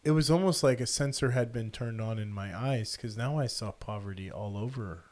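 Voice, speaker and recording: Middle-aged male podcast host; lively storyteller who voices the characters himself. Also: medium pitch, normal speed. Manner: animated, quotes people in the story. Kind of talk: casual storytelling.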